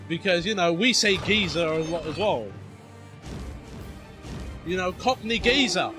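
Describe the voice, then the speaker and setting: A man's voice: sits high, a little slow, over music. A young British man with a London accent, chatting and laughing as he comments on a video game. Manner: chatty, laughs often, excitable outbursts. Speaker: streamer. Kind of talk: gameplay commentary. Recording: game audio underneath.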